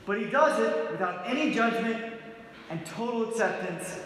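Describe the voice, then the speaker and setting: High-voiced pastor in an echoey hall. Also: male voice, expressive, normal speed, fairly bright tone, slight background noise. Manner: joking, storytelling, asks the congregation questions. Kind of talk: conversational sermon. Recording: echoey church hall with long reverb.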